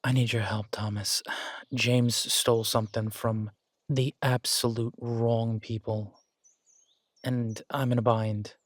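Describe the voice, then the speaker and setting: A man voicing a weary, earnest young male thief who speaks low and quietly. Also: little pitch movement, takes it slowly, no echo, studio quality. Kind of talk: audio drama acting.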